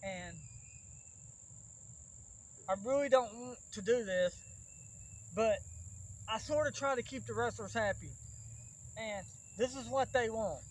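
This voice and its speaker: A man's voice: high voice, takes it slowly, pauses often, slight background noise, rough recording. A man with an Alabama accent hosting a backyard wrestling vlog, rambling and fretting with many restarts. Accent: Southern US, Alabama. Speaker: backyard wrestling show host. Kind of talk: casual rambling vlog talk.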